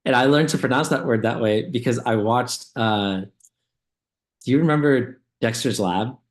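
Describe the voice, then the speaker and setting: A relaxed man chatting casually with a friend, his pitch in the middle for a man. He tells rambling anecdotes and chuckles often, with many short agreeing replies. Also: normal speed. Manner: laid-back, laughs often, rambling storyteller. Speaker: co-host. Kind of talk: casual reaction chat.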